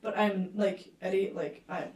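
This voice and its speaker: A woman's voice: medium pitch, level tone, unhurried, a little mellow. A chatty young woman with a French accent talks casually as a podcast guest, laughing often and leaning on fillers. Her voice sits in a middle range. The recording is roomy and distant, with faint noise behind her. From France. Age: young adult. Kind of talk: casual chat.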